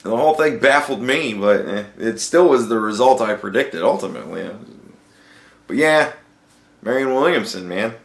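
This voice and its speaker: A man's voice: mid-range voice, animated, normal speed, gravelly, roomy sound. A man hosting a podcast, telling a profane story in a casual, ranting monologue. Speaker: podcast host.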